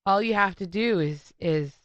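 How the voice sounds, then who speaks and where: A woman's voice: medium pitch, normal speed, no room sound, highs cut off. Woman cohost on a podcast, kinda exasperated and emphatic, medium voice, dry sound. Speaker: podcast co-host. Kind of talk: casual chat.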